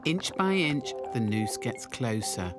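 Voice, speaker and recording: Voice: mid-range voice, very animated, takes it slowly. A documentary narrator with a playful, punning delivery, reading a scripted voice-over. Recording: voice-over with loud music bed.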